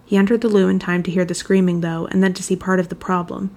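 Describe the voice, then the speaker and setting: A woman narrating a fan fiction chapter aloud, reading in an even, measured storytelling manner. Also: on the low side.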